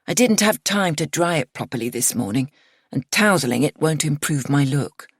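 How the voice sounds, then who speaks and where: A woman narrating a first-person thriller audiobook in a measured, expressive storytelling manner. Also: deep voice, husky, no room sound, studio quality.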